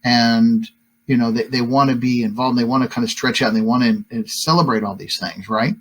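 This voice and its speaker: A man teaching a recorded lesson to high school students, talking conversationally with lots of fillers and tag questions. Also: a little fast, breathy edge. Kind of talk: recorded classroom lecture.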